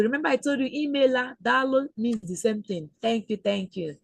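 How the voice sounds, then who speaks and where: A woman leads a children's webinar lesson, her voice fairly high and recorded dry and close. She repeats each Igbo word slowly and drills it patiently. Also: vocal fry, dry recording, poor audio. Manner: slow, repetitive teaching with drawn-out Igbo phrases. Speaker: Igbo language teacher. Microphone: computer mic on a video call.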